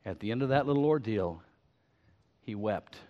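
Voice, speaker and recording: Older pastor preaching, folksy and fired up, lots of stammery restarts, kinda muffled. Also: male voice, fairly low pitch, expressive, moderate pace. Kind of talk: sermon. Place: church. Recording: slightly muffled sermon recording.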